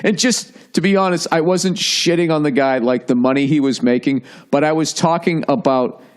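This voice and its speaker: A man's voice: a little high, moderate pace. A man hosting a podcast, rambling through a profane comedic monologue with lots of restarts and mocking asides. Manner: animated storyteller. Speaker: podcast host.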